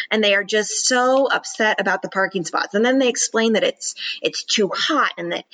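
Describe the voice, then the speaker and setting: A woman public speaking coach chatting in an interview, slipping into quick acted-out inner voices to make her point. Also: medium pitch, animated, fairly bright tone, poor audio. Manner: acts out worried inner voices in quick asides. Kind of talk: podcast interview chat.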